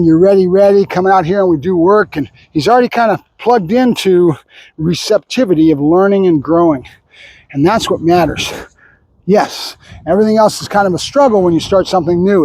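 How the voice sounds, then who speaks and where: A man explains dog training as he works, his voice sitting high for a man and sounding dry and close. He chats steadily and keeps dropping in short repeated marker words between explanations. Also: darkish tone, dry recording. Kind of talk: instructional training narration.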